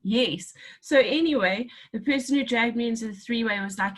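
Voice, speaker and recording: A woman's voice: fairly high pitch, fairly quick, few pauses, fairly bright tone. Middle-aged woman, podcast host, casual chat, laughs a lot. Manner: chatty, laughs often, acts out quoted dialogue.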